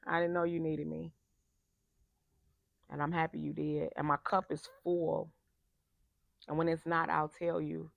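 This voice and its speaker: Woman, life coach, gravelly voice, emphatic, animated, dry close sound. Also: low voice, a little slow, long pauses, no echo. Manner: emphatic, gets loud and animated when making a point. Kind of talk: passionate motivational talk.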